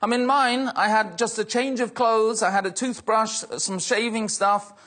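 A man's voice: sits high, steady tone, moderate pace, a bit bright. A man giving a sermon-style testimony talk, telling anecdotes and often repeating a stock phrase. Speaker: guest speaker.

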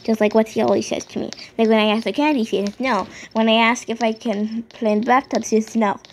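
A woman's voice: on the high side, fairly even intonation, fast talker, a little hiss or hum, rough recording. A woman chatting and rambling as she narrates a game role-play.

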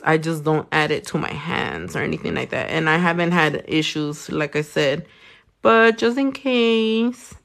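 A woman's voice: low-pitched, gravelly, fairly bright tone. A young adult woman from California, chatting casually and swearing freely while she does nails on a livestream and reads out viewer comments. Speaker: nail artist livestreaming a tutorial.

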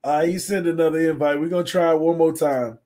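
A man with a strained, hoarse voice chats casually through a live gaming stream. He sits a bit high in his range and turns excitable and playfully trash-talking while reading comments aloud. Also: fast, a little hiss or hum. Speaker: sports channel host. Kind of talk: casual livestream gaming chat.

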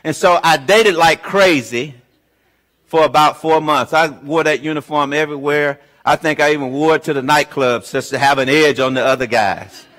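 A man in his fifties giving a chapel talk, telling a funny personal story with lively acted-out dialogue. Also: fairly high pitch, moderate pace. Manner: humorous, animated storyteller who acts out dialogue. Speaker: guest chapel speaker. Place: university chapel.

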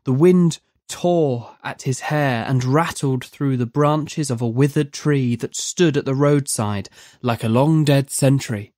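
A narrator reading a dark horror story aloud in a measured, vivid storytelling manner. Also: mid-range voice, no echo, studio quality. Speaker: narrator of a horror audio drama.

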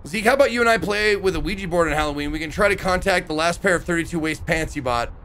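A man's voice: sits high, quick pace, fairly bright tone, slight background noise. A man streaming a horror game, chatting and joking in casual commentary. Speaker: gaming streamer. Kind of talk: casual let's-play commentary.

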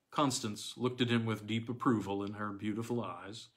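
A man narrating a classic novella in the first person, with a measured, theatrical reading. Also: lowish voice, steady tone. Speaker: audiobook reader.

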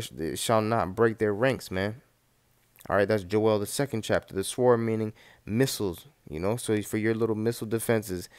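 Man, low voice, preachy scripture teaching, loud verse reading, says "man" a lot. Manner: preachy, keeps saying "man" and "okay", reads verses loudly. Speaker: street preacher.

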